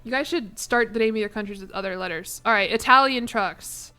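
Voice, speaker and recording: A woman's voice: a little high, a little fast, over music. Self-mocking young woman streamer. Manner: self-deprecating, laughing, apologetic. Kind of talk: casual live-stream commentary.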